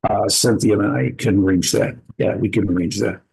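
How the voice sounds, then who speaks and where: In a group conversation, a man shares a heartfelt personal story in a lowish, gravelly voice with a husky edge and a darkish, steady tone. He's earnest and reflective, pausing to gather his words, though the audio quality is poor.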